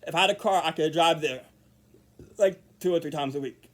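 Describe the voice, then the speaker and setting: A man vlogging in a casual monologue to camera, rambling with repeated words and restarts, murmuring quiet asides. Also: a little high, fairly quick.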